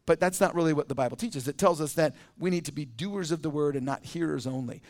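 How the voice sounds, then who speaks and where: Guy preaching, pretty high voice, chatty and lively, jokes around a bit. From United States. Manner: conversational and animated, with quick asides and laughs. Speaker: teaching pastor. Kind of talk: sermon.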